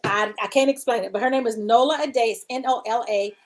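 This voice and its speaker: Woman host, casual and chatty with listeners, a touch high-pitched. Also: fairly quick. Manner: chatty, addresses listeners as y'all. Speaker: talk show host. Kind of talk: casual show hosting.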